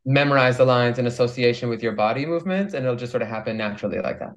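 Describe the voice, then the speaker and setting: A man's voice: medium pitch, racing, muffled recording. A man guesting on a podcast who talks earnestly and thoughtfully about performing. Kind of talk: casual chat.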